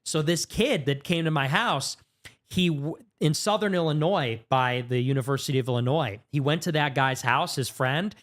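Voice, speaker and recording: Man telling a story on a podcast. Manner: fast, animated retelling with sudden pitch jumps. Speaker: podcast guest. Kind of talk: casual storytelling interview. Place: podcast studio.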